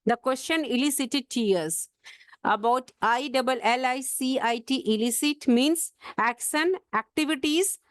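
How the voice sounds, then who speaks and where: High-voiced woman teaching English vocabulary. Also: dry recording. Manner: spells words letter by letter, slows down to stress pronunciation. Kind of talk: exam-prep vocabulary lesson.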